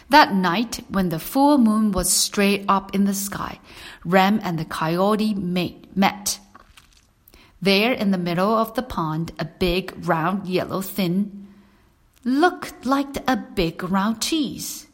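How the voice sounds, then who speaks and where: A woman narrating a children's story with slow, clear read-aloud delivery. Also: mid-range voice, animated, a bit bright.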